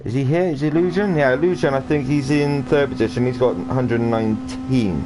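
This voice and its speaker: A man's voice: medium pitch, fairly quick. A man casually commentating a sim racing stream, rambling and chatty with lots of fillers and restarts. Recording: noisy home stream audio.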